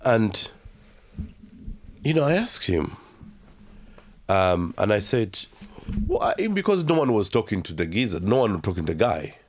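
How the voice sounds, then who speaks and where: A man from Uganda telling his life story as an interview guest, speaking haltingly with many fillers and restarts. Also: fairly low pitch, very animated, slight background noise.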